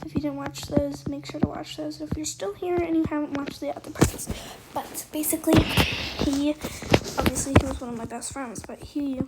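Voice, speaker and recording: A woman telling a rambling personal story while playing a game, full of fillers and soft, half-whispered asides. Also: sits high, steady tone, moderate pace. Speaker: storytime gamer. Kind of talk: casual storytime while gaming. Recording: loud background noise.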